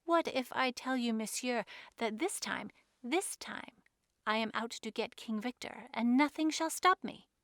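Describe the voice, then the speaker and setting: A woman's voice: fairly high pitch, measured pace, a bit bright, no room sound, clean studio sound. Earnest, grim male French detective, raised and emphatic, put on by a woman reader. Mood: intense.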